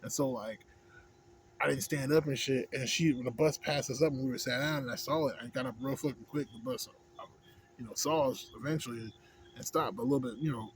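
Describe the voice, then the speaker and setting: A man's voice: medium pitch, fairly quick, slight background noise. Profane rambling man ranting. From Houston, Texas. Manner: rambling, heavy swearing, repeats "you know what I'm saying". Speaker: vlogger.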